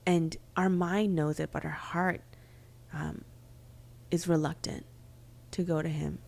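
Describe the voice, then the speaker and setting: A woman's voice: deep voice, fairly even intonation, slow, vocal fry, a little mellow. A young woman co-hosting a faith podcast, talking candidly and reflectively, with frequent fillers and restarts. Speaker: podcast co-host.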